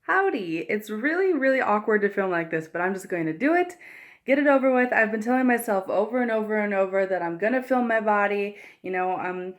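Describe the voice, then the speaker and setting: A woman's voice: mid-range voice, a little fast. A young woman vlogging in her home kitchen, talking casually into the camera mic in a rambling way and laughing often. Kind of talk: casual chat.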